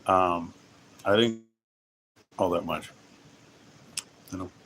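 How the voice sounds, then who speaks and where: A man's voice: sits low, steady tone, slow, a bit bright, a little hiss or hum. A man hosting a casual livestream while playing a game, rambling and restarting sentences as he chats with viewers. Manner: rambling, self-interrupting, laughs often. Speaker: livestream host.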